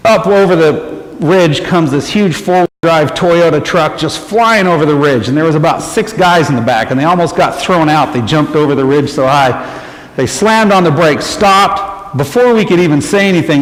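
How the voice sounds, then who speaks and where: A man giving an animated testimony in church, telling a story and acting out the voices of the people in it. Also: on the high side. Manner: acts out quoted people with lively raised voice, laughs often. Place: church sanctuary. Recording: echoey church hall, faint noise.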